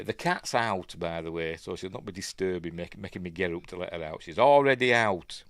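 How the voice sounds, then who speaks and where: Yorkshire male host, low voice, chatty and self-mocking, casual livestream commentary. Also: no room sound. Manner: rambling, self-deprecating and chatty. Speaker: film review host.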